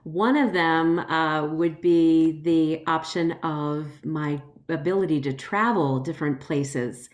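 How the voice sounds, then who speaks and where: A woman's voice: sits low, slow, hardly any pauses. A middle-aged or older woman, a religious sister, answering a panel question thoughtfully over a video call.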